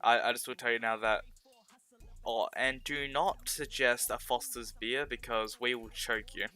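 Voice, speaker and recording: Bright-voiced South Australian man rambling. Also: medium pitch, steady tone, a little slow. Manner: rambling, sarcastic, self-correcting. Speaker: streamer. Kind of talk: casual chat while gaming. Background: faint background music.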